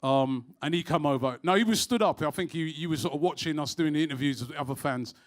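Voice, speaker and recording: A man's voice: fairly high pitch, fast. A man hosting a live show, telling stories energetically and throwing in "right?". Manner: energetic, storytelling, rhetorical "right?". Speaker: host.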